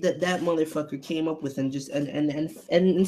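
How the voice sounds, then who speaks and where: A man's voice: fairly high pitch, normal speed, few pauses. A man reacting live to a manga chapter, ranting heatedly, swearing and stammering over repeated words. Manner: reads panel lines aloud softly.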